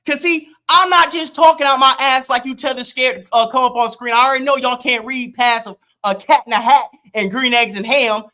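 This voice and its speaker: A livestream host arguing loudly in a profane, combative way and talking over the other person on a stream mic. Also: high-pitched, fairly even intonation, fairly quick, hardly any pauses. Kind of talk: heated online debate.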